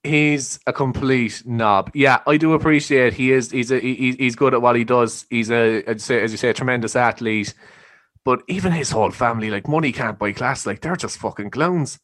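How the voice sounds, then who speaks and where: Young cork guy hosting a podcast, rambly and sweary, mid pitch. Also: brisk, a bit bright. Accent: Irish, Cork. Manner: swearing, rambling, says "you know" a lot. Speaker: podcast host. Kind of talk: casual chat.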